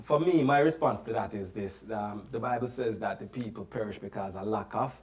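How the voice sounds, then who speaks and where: A man's voice: lowish voice, brisk, a little mellow. A man from Jamaica giving an earnest, reflective answer as a panel guest. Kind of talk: discussion answer.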